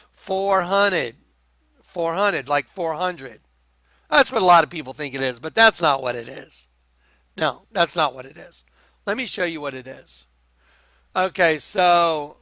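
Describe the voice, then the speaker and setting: A man preaching an online show-and-tell monologue, talking slowly and emphatically, repeating phrases and calling his viewers folks. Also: on the high side, sharp tone, no room sound. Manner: repetitive, insistent, addresses viewers as folks.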